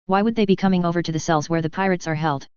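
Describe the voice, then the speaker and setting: Young male soldier, teasing, joking, smooth voice, read by a narrator. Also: mid-range voice, fairly even intonation, very fast, darkish tone, dry recording, muffled recording, close to an everyday voice.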